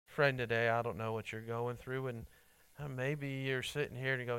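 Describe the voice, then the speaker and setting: A man's voice: medium pitch, flat delivery, moderate pace, a bit bright, smooth, no echo. A man preaching a sermon in an earnest, pleading way, then leading a prayer.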